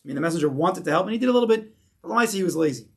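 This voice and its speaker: Speaking very fast with lively intonation, a gravelly-voiced man teaches an informal Torah class in a slightly high voice. He animatedly poses rhetorical questions and dramatizes his stories.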